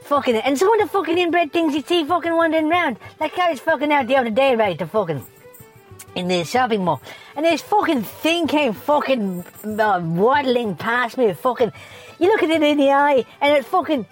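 A woman playing a foul-mouthed, bitter man who rants and swears constantly for a comedy podcast. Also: high voice. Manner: swears constantly, scornful ranting.

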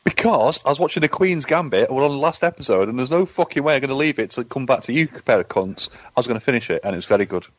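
A man co-hosting a casual comedy podcast over a video call, blunt and sweary with deadpan jokes. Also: medium pitch, fast talker, few pauses, dry recording, highs cut off. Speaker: podcast co-host.

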